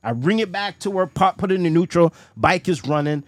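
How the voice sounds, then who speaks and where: A man telling a story in a casual podcast chat, animated and profane, laughing often. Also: high-pitched, a little fast, no room sound, studio quality. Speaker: guest storyteller.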